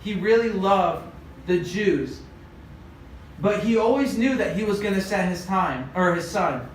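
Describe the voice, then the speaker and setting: Echoey, high-voiced young preacher man. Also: lively intonation, unhurried. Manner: conversational, retelling scripture with filler words. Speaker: youth group preacher. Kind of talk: casual youth sermon. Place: church youth group room. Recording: very echoey room, distant mic, faint noise.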